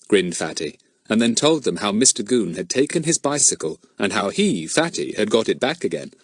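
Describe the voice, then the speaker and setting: A man narrating a children's storybook with lively storytelling. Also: fairly low pitch, normal speed, no room sound, studio quality. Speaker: audiobook narrator.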